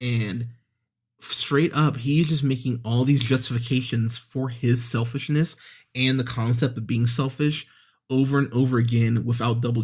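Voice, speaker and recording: A man's voice: mid-range voice, a little mellow. A man ranting through a sarcastic, profane movie review on a podcast, with exasperated asides and mocking impressions.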